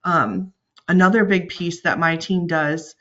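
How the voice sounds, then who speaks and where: A woman speaking as a team lead on a webinar panel, steady and clear, explaining through examples. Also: lowish voice, unhurried, muffled recording. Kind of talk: conversational webinar talk.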